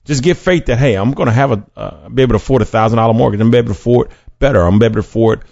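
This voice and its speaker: A man's voice: mid-range voice, very fast, gravelly, darkish tone, no room sound. A man preaching a podcast sermon in an earnest, conversational way, often restarting his sentences. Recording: dry, dull lo-fi sound.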